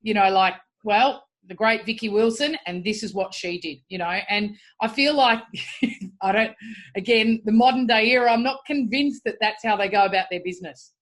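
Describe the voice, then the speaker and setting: A woman hosts a podcast conversation in a relaxed, chatty way. She talks at a middle pitch and leans on casual fillers as she asks questions. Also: moderate pace. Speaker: podcast host. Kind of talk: conversational interview.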